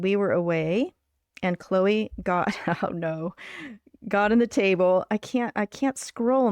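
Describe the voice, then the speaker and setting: A woman's voice: mid-range voice, gravelly, no echo, studio quality. An older woman hosting a livestream from home, chatting in a rambling way with many fillers. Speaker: livestream host. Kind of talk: casual chat.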